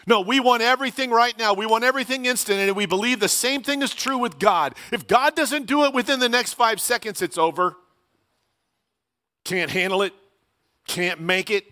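Middle-aged man, pastor, conversational sermon, high voice, rhetorical questions. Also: pushed and bright. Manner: conversational preaching, rhetorical questions, repeats key phrases.

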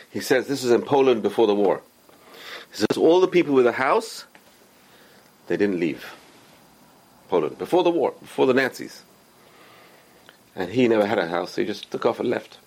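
Man telling a moral tale, very lively pitch, acts out every part. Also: moderate pace, long pauses. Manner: animated, acts out characters' lines. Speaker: religious storyteller. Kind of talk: storytelling with a moral lesson.

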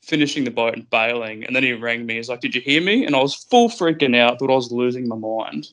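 A man's voice: mid-range voice, a little fast, fairly bright tone. A young Australian man from Queensland, a fishing guide, chatting as a podcast guest in a laid-back way, swearing freely and laughing easily. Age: young adult. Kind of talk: casual chat. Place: at home.

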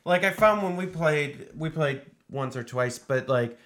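A young man co-hosting a podcast, chatting in a relaxed, agreeable way and chiming in with his own take. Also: fairly high pitch, unhurried. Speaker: podcast co-host. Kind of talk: casual chat.

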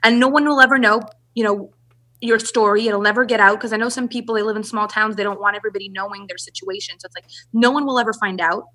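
A woman's voice: medium pitch, fairly even intonation, quick pace, sharp tone. A woman, a relationship and business coach, telling her story as a podcast guest and acting out the voices of people she quotes.

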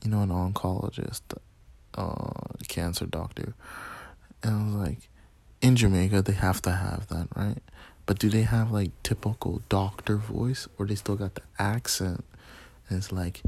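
A man hosting a casual solo podcast from a small dark room, rambling and swearing in a laid-back way. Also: fairly low pitch, steady tone, moderate pace, gravelly, breathy edge, no room sound. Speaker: podcast host.

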